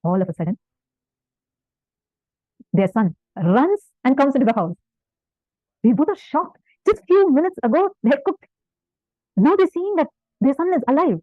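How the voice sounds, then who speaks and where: A woman's voice: sits high, big pitch swings, normal speed, pauses often, dry recording. A woman spiritual teacher telling a devotional story in a sermon, earnest and fervent, repeating points for emphasis. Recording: tinny phone-like dry sound.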